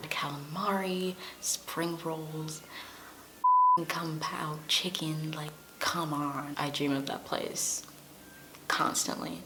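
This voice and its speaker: A young woman hosting a travel vlog, telling stories in a wry, deadpan way with playful asides. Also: deep voice. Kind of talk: casual storytelling to camera. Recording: echoey room with background noise.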